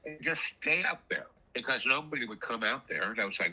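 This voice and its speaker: Bright-voiced older man telling stories. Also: mid-range voice, brisk, breathy edge, low-quality recording. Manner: rambling, animated, frequent coughs. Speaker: storyteller guest. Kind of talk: casual storytelling.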